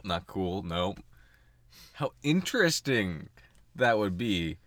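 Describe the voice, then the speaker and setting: A man's voice: deep voice, sing-song, slow, fairly bright tone, no room sound. Guy joking around on a podcast, voice jumps all over, dry close sound. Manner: joking, crude, laughs often. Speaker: podcast co-host. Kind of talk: casual chat.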